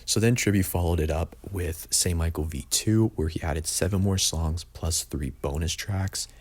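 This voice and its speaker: Casual album rankings come from a young man whose deep, darkish voice moves at a moderate pace. He's opinionated and blunt and leans heavily on the word "like."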